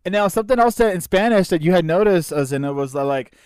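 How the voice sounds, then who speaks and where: A young man hosting a gaming podcast, chatting casually with many fillers and quick agreements. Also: high-pitched, clear, resonant tone, dry recording, clean studio sound. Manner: relaxed, filler-heavy, quick agreeing asides. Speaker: podcast host. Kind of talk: casual chat.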